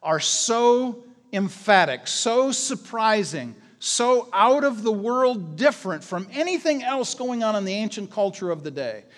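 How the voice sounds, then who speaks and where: A man preaching a sermon, animated and emphatic, swinging between soft asides and loud exclamations. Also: high voice, measured pace. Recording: long reverb of a large hall.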